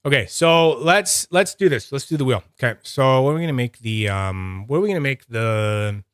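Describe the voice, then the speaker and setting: A man's voice: medium pitch, expressive, normal speed, a bit bright, clear, resonant tone, no room sound, studio quality. Rambling Canadian man on a livestream. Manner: rambling, self-mocking, laughs often. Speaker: livestream host reviewing fidget toys. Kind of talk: casual livestream chat.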